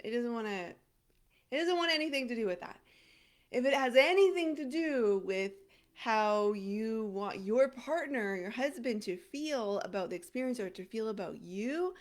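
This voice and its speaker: A woman in her thirties, a sex and intimacy coach, talking casually to camera and thinking aloud with frequent restarts. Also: mid-range voice.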